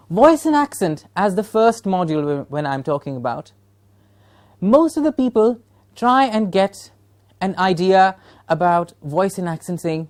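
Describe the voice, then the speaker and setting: A woman's voice: on the low side, a little mellow. A woman with a Punjabi accent giving a recorded training lecture to teachers from a studio, asking rhetorical questions with emphatic encouragement.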